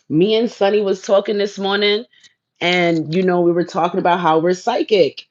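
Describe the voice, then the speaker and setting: A woman's voice: fairly low pitch, steady tone, moderate pace, dull audio. A woman hosting a casual spiritual livestream, laid-back and playful, talking straight to viewers in her chat. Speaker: livestream host.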